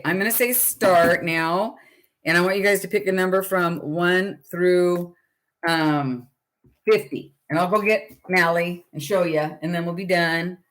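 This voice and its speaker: A woman's voice: fairly low pitch, a bit bright. A middle-aged woman hosting a casual live chat with viewers, rambling and chatty with lots of fillers.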